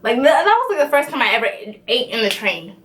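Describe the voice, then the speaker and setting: A young woman recounting a story for her vlog in a lively, profane, slang-heavy way. Her voice is bright and sits a little high. A faint noise runs underneath. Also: quick pace. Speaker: vlogger. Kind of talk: casual storytime.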